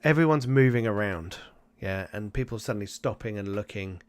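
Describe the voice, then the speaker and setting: A man runs the table as game master, talking his way through each scene and dropping into voices for the side characters. His voice is low, and it sounds close and dry, with no room around it. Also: moderate pace, no echo. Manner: loose, searching narration that acts out side characters. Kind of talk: improvised tabletop narration.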